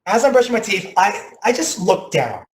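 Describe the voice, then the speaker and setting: A man in his thirties telling a personal story as a motivational talk, animated, often saying "like", with loud bursts at dramatic moments. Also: high voice, moderate pace. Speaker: teacher giving a motivational talk. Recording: echoey room.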